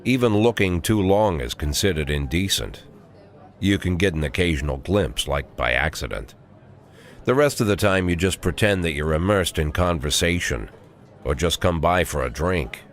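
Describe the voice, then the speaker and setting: In a deep, expressive voice at a moderate pace, a man plays a cynical, world-weary police chief of sixty. The gruff old character narrates the game through a dry, sardonic inner monologue.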